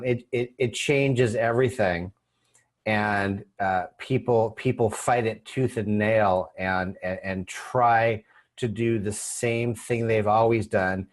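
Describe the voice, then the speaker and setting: A man hosting an interview as a couples counselor, affirming his guest and speaking with many fillers. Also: fairly low pitch. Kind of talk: interview conversation.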